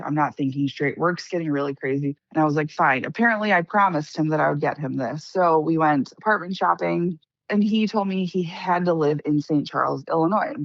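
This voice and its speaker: Young woman, low gravelly voice, casual storyteller who acts out others' lines. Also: dry recording, lo-fi sound. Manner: lively, acts out quoted dialogue. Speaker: interviewee recounting being scammed. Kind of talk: casual first-person storytelling.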